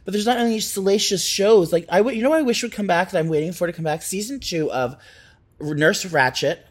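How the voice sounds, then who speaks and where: A woman's voice: fairly low pitch, fairly quick. A woman co-hosting a podcast in casual gossip chat, frank, crude and joking. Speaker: podcast co-host.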